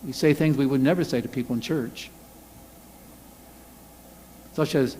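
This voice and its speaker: High-voiced man preaching in a reverberant church. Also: normal speed, long pauses, slightly rough. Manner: animated, acts out angry quotes loudly. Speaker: pastor. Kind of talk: sermon. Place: church sanctuary.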